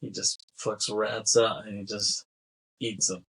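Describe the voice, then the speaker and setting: A man with a low, slightly husky voice talks through a film's plot in casual podcast chat. He rambles from beat to beat, putting on the characters' lines as he goes and laughing along. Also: flat delivery, measured pace, fairly bright tone, low-quality recording. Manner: rambling recap with acted-out quotes and laughs. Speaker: podcast co-host. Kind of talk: casual film discussion.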